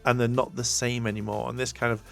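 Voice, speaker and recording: A man's voice: medium pitch, little pitch movement, quick pace, vocal fry, soft background music. A man recapping a TV episode in a casual, rambling way, full of fillers and restarts. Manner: rambling, many fillers, acts out quotes. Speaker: TV show reviewer.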